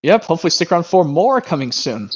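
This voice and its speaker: A man hosting a casual chat stream about his movie collection, talking in a rambling way with quick asides. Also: a little high, sing-song, slightly rough. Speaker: stream host. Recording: lo-fi stream audio.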